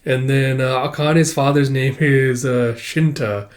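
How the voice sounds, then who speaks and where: A man's voice: mid-range voice, fairly even intonation, a little slow. A man hosting a casual read-through of a comic, chatting and commenting between lines with lots of fillers.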